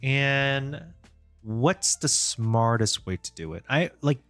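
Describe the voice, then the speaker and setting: A man's voice: medium pitch, lively intonation, takes it slowly, dry recording. A man streaming his indie game development, thinking aloud and chatting with viewers, often chuckling. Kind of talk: live-stream dev chat. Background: soft background music.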